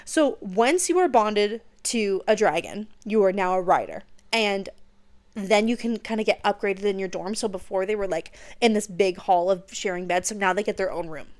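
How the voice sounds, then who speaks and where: A young woman hosting a podcast, gushing excitedly through a casual book recap and dropping into hushed whispers for emphasis. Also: medium pitch, normal speed. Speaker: podcast host.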